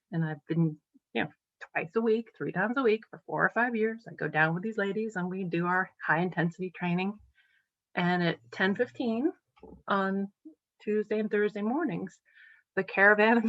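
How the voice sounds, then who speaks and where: A woman's voice: on the low side, a bit bright, no echo. A woman in her forties from New England with a Boston-area accent, a podcast guest telling her recovery story with feeling and many ums. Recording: dry, dull lo-fi audio.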